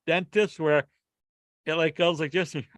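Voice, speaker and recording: A man co-hosting a podcast in casual chat, an animated storyteller who laughs often and acts out sounds. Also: fairly high pitch, a little slow, no echo. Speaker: podcast co-host.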